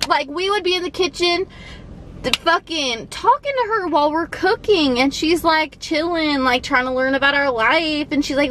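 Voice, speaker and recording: A young woman vlogger telling a story casually, animated, swearing, with lots of "like". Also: sits high, unhurried, a little hiss or hum, rough recording.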